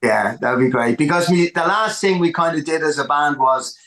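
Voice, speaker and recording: Animated Irish musician, echoey room. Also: male voice, on the high side, moderate pace. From Ireland. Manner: animated, repeats words for emphasis. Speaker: musician guest. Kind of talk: casual storytelling interview.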